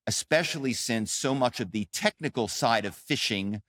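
A man's voice: medium pitch, normal speed, a bit bright, no room sound, clean studio sound. A man who is a guest author, telling stories in an interview with emphatic, dramatic delivery. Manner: emphatic, acts out calls with quoted voices. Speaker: guest, author and former actor. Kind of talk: animated interview storytelling.

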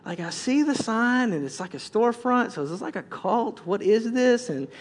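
A man with a high voice preaches a sermon in a chatty, humorous way. He stumbles and restarts often and acts out what other people might say. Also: big pitch swings, normal speed, long reverb tail. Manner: conversational, joking, with many restarts and acted quotes. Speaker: pastor.

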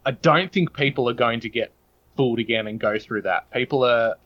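A man's voice: medium pitch, brisk, highs cut off. A man with an Australian accent, a podcast guest talking in long, earnest, opinionated runs. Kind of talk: casual podcast chat.

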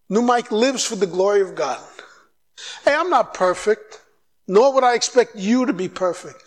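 In a fiery guest sermon, the man's unusually high voice climbs as he drives the crowd forward. He peppers them with fast questions and mimics small conversations, staying animated and hortatory.

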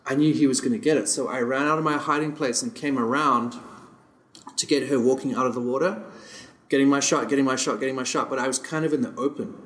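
A man from South Africa talks as a podcast guest in loose, casual chat, stacking fillers as he rambles through his stories. His voice sits at an ordinary, middle pitch. The room around him rings with a noticeable echo. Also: fairly even intonation, fast talker.

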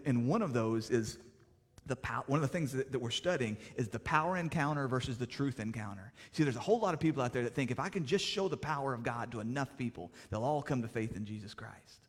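A man preaching a sermon, animated, rising loud and dropping soft as he teaches from scripture. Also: medium pitch, in a large hall. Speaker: pastor.

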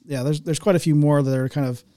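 A man hosting a podcast in casual chat, easygoing, laughing often and filling pauses with "um" and "uh". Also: a little high, steady tone, mellow, dry recording. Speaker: podcast host. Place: small podcast studio. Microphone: studio mic.

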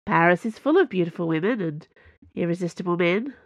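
A woman's voice: lowish voice, expressive, fairly quick, no room sound, close to an everyday voice. A woman voicing a wry young woman agent. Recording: dull lo-fi dry recording.

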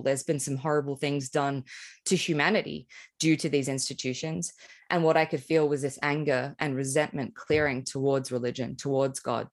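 Young adult woman host, deep voice, loose chatty delivery, lots of "like.". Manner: chatty, frequent "like" fillers, casual swearing. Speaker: podcast host. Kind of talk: casual conversation.

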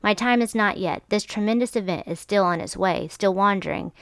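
A woman's voice: mid-range voice, fairly quick, fairly bright tone, clean tone, no room sound, clean studio sound, lightly acted. A woman with a stuffy nose reading the lines of a frantic man who raves at a crowd, with mild emphasis. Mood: grave. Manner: read aloud with mild emphasis.

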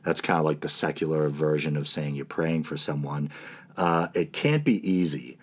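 A man with a New England accent hosts his own podcast alone, his voice sitting very low. He talks in a loose, offhand way, dropping wry asides and pausing on small "uh" fillers as he goes. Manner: casual, wry, with frequent "uh" fillers. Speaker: podcast host. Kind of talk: solo podcast commentary.

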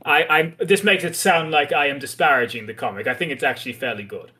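A man with a somewhat high voice hosts a casual podcast discussion. He talks things through in a chatty, thoughtful way, with a mildly wry edge. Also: fast talker, pushed and bright. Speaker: podcast host.

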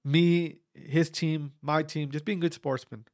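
An amateur fighter tells the story of his own bout in a casual, animated way, his fairly high male voice moving at a slow pace. He stammers and restarts often, swears freely, and acts out what other people said. The recording is dry and studio quality.

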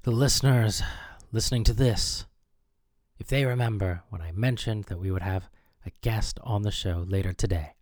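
A man hosting a comedic mock radio show with deadpan, pompous announcer patter. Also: lowish voice, moderate pace, no room sound, clean studio sound. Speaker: host.

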